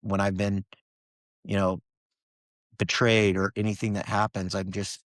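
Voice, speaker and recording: A man's voice: fairly low pitch, flat delivery, a little slow, a bit bright, no room sound. A man as a podcast guest, telling a personal story in an earnest, emotional way with many restarts.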